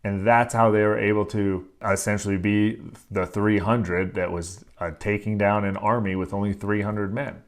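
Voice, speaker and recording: A man's voice: lowish voice, level tone, moderate pace. A man hosting a podcast, giving a blunt, earnest motivational talk full of swearing and casual fillers. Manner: blunt and profane, with frequent filler words; emphatic and earnest, stressing key phrases. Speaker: podcast host.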